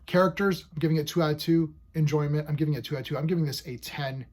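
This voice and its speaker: Man, husky voice, a little high, excitable, casual comic review. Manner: excitable, animated, acts out characters' lines in quick paraphrase.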